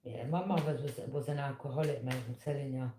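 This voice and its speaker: A woman, telling a personal story in a casual, animated and indignant way, with quick "yeah?" asides. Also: extremely low pitch, slight background noise. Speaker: tarot reader. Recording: echoey room.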